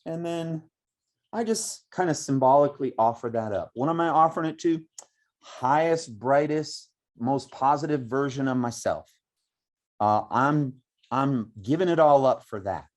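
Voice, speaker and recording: A middle-aged man guides a meditation lesson outdoors, speaking in an unhurried, reflective way. He pauses often and circles back on his words, with a voice of ordinary pitch for a man. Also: darkish tone. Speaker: meditation teacher. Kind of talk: spoken meditation instruction. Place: outdoors by woods.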